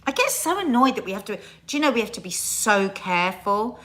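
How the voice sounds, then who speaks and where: A woman's voice: mid-range voice, very animated, brisk, a bit bright. A middle-aged woman hosting a casual live stream, chatting to viewers and greeting them by name in a sing-song way. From England.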